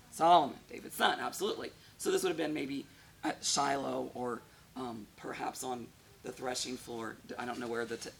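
A woman's voice: deep voice, creaky, fairly bright tone. A woman preaching a sermon in a conversational way, often putting questions to her congregation.

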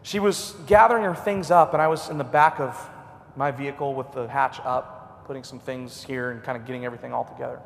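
A man preaching a sermon, telling a personal story with swings from a hush to a loud, high voice. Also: fairly even intonation, brisk, gravelly, big-room sound.

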